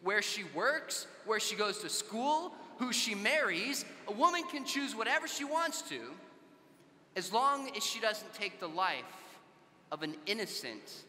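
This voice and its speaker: A man's voice: sits high, very animated, measured pace, pushed and bright, big-room sound, slight background noise. A man from Southern California speaking to a youth conference, telling conversational stories and acting out the dialogue. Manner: conversational, acts out dialogue in anecdotes. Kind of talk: storytelling talk to a youth audience. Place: large conference hall.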